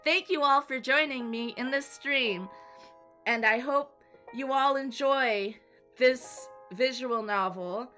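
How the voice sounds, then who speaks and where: A woman's voice: high-pitched, slow. A woman streamer chatting casually with her viewers, rambling and apologizing often. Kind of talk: casual live-stream chat. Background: soft background music.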